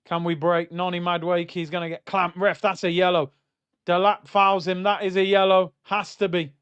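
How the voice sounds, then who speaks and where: A young man reacting live to a football match on stream, swinging between loud outbursts and low muttering. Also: level tone, moderate pace, clear, resonant tone, highs cut off. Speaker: watchalong streamer.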